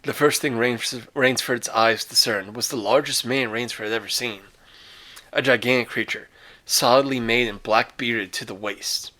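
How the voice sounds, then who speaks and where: A man's voice: mid-range voice, fairly even intonation, moderate pace, pushed and bright. A man reading a short story aloud with dramatic phrasing and casual, offhand asides. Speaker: reader.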